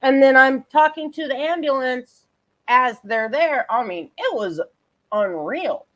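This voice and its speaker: A woman's voice: sits high, expressive, measured pace, a bit bright. A woman hosting a livestream, reacting with sarcastic, profane commentary and frequent laughter. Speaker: livestream host reacting to a clip.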